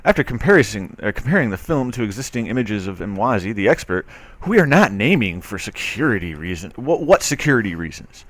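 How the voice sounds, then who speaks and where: Low-voiced guy reading an article and scoffing at it, lots of ums, dead dry sound. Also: big pitch swings, a little fast, few pauses, fairly bright tone, no echo. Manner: skeptical and sarcastic, scoffing; loose, with frequent fillers and restarts. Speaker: commentary video host. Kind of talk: reading a news article aloud and commenting.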